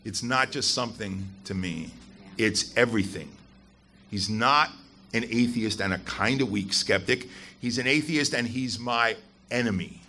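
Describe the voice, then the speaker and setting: Bright-voiced man giving a blunt, emphatic talk. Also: medium pitch, unhurried, a little hiss or hum. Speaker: guest speaker at a skeptics event. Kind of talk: live public talk to an audience. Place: event hall with a live audience.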